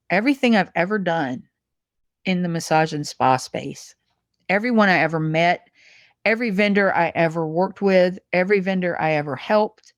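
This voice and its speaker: A woman's voice: fairly low pitch, no room sound, clean studio sound. A middle-aged woman, a guest in an interview, speaking in a heartfelt way that halts and restarts often. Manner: heartfelt, halting with repeated restarts. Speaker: guest, massage supplies executive. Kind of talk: emotional interview conversation.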